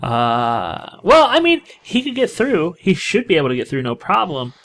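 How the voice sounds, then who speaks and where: A man with a slightly high, bright voice co-commentates a card game match. His pitch moves a lot as he argues over the players' decisions in a casual, animated way. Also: moderate pace. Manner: animated, second-guesses plays, exclaims at players.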